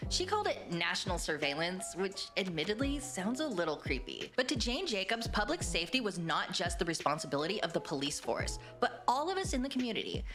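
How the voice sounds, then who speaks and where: A woman narrating a video essay in a measured, explanatory, scripted delivery. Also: medium pitch, sing-song, fairly bright tone, soft background music.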